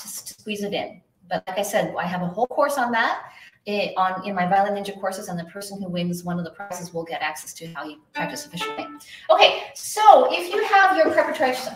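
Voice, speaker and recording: A woman's voice: medium pitch, fairly bright tone, distant mic. A woman hosting a live online violin lesson, chatty and upbeat, greeting viewers by name as she reads their questions from the chat. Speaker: violin teacher hosting a livestream. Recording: echoey room, voice from off the mic, faint hiss.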